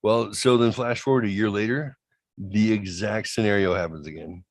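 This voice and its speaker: A man's voice: fairly low pitch, normal speed, dry recording. A middle-aged man hosting a podcast, telling a casual story and acting out the voices of the people in it. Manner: animated, acts out voices in anecdotes, swears. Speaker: podcast host.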